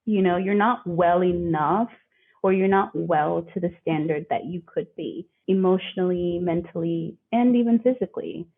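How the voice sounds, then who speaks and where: A woman talks through her story as an interview guest, earnest and reflective, slipping into brief quoted voices. Her voice sits a little low and sounds a touch husky. It comes over a narrow, phone-like remote line. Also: normal speed. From living in Australia. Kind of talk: conversational interview. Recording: phone-like remote call audio.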